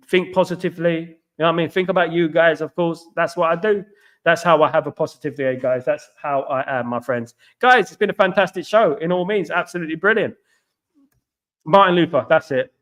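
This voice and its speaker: A middle-aged man from London hosting a casual live stream, reading viewers' comments and chatting back with repeated phrases and shout-outs. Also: fairly high pitch, normal speed. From London, England.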